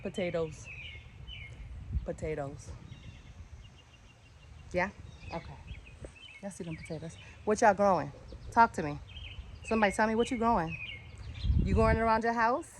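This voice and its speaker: A woman giving a casual walk-and-talk tour of her backyard garden. She talks in an excitable, chatty way and drifts off topic easily. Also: mid-range voice, a little fast, pauses often. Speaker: home gardener and channel host. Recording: outdoor noise with birds and passing traffic.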